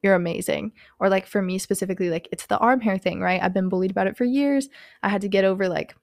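A woman's voice: mid-range voice, quick pace, vocal fry, a little mellow, no echo, clean studio sound. A young woman hosting a podcast, talking candidly in casual motivational chat, full of "like" and "um". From Hispanic background, country not said. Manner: candid, frequent fillers, says "like" and "um" often. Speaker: podcast host.

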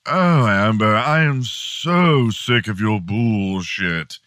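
A man's voice: on the low side, slow, a bit bright, dry recording, studio quality. A man impersonating an exasperated male movie star, speaking in a put-on British lilt with melodramatic whining. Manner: whiny, melodramatic.

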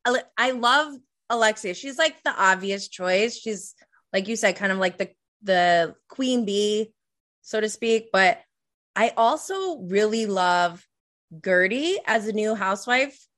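A woman's voice: medium pitch, lively intonation, unhurried, a bit bright. A woman hosting a podcast in casual chat, gushing and enthusiastic with frequent giggles. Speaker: podcast host.

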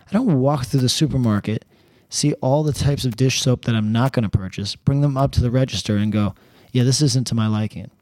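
A man's voice: medium pitch, brisk, mellow, no room sound, low-quality recording. A man talking in a casual, rambling monologue, sarcastic and profane, ranting as he tells a travel story from his hotel room. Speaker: travel vlogger.

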